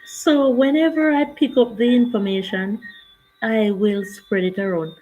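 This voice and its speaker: A woman's voice: on the high side, steady tone, unhurried, dark tone, low-quality recording. An older woman, chatting casually on her livestream and greeting viewers by name. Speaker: livestream host.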